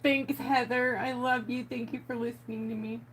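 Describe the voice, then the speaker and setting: A woman's voice: on the high side, flat delivery, normal speed, fairly bright tone, a little hiss or hum. A chatty woman, hosting a casual craft livestream from home and talking to her viewers as she works. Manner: chatty, giggly, talks to viewers.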